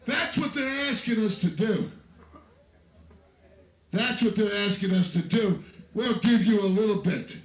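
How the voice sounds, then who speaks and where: An American man giving a fiery, profane, shouting rally speech to a festival crowd from an outdoor stage. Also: sits high, a little slow, long pauses, echoey room, low-quality recording. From United States. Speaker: activist speaker at a festival.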